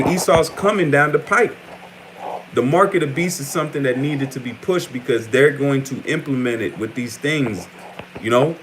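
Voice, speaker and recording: A man's voice: mid-range voice, a bit bright, a little hiss or hum. Man preaching casually, stammering often. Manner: conversational, repeatedly says "man", frequent stammers and restarts. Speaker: preacher giving an online update. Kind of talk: informal preaching with scripture reading.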